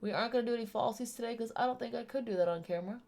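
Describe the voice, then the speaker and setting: A woman's voice: a little high, racing, vocal fry, a little mellow. A woman chatting casually while she does her makeup, explaining each step as she goes. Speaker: streamer doing makeup. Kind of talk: casual makeup tutorial chat.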